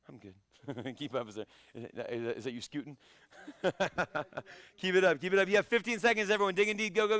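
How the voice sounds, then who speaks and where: A man coaching a live online karate fitness class, shouting encouragement and countdowns and joking between sets over a video call. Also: a little high, clear, resonant tone, dry recording. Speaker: karate instructor.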